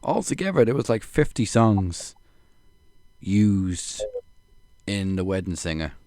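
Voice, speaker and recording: A man as a podcast guest in a casual film chat, calmly sharing trivia with fillers. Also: deep voice, takes it slowly, no echo. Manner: relaxed, lists trivia with fillers and laughs.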